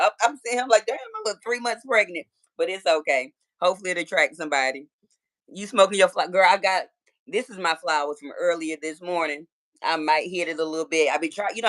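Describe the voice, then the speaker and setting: A woman in her thirties from Georgia with a Southern accent, chatting casually and profanely with viewers on a phone livestream. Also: deep voice. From Georgia, USA. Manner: chatty, profane, talks straight to her chat. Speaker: livestream host.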